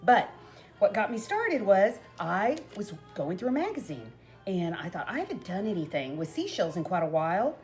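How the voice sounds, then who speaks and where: A bubbly middle-aged woman hosts a casual craft video. Her pitch swoops up and down as she chats, and she breaks into laughs between rambling asides. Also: sing-song, normal speed, a little mellow, soft background music. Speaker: crafting vlogger. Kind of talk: chatty craft tutorial.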